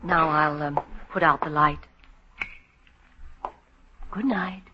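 Brisk nurse, matter-of-fact, hissy old broadcast. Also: female voice, deep voice, steady tone, muffled recording. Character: brisk female hospital nurse. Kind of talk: 1950s radio sitcom acting.

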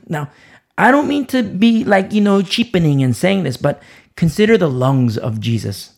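A man preaching a sermon, emphatic and repetitive, asking rhetorical questions and swinging from loud emphasis down to a hushed voice. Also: high-pitched, sing-song, normal speed, vocal fry.

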